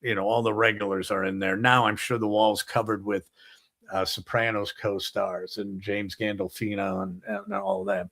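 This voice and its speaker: A man's voice: fairly low pitch, fairly bright tone. Rambling man spinning a story. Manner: rambling, anecdotal, many fillers and asides. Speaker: talk show host. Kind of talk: casual storytelling on a live talk show.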